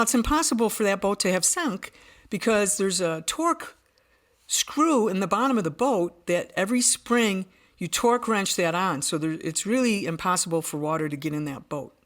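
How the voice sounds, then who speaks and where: A woman guest on a podcast, telling a personal story in an earnest, vivid way, often restarting her sentences. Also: lowish voice.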